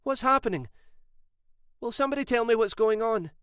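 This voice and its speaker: A woman's voice: fairly high pitch, lively intonation, a little fast, smooth, dry recording, studio quality, pitched above the performer's own voice, lightly acted. A man voicing a fragile, frightened young wife who pleads and panics. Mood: distraught.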